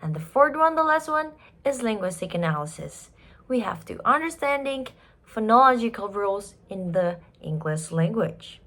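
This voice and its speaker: A woman giving a class presentation, emphatic and expressive, dwelling on each example word. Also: mid-range voice, normal speed. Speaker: student presenter.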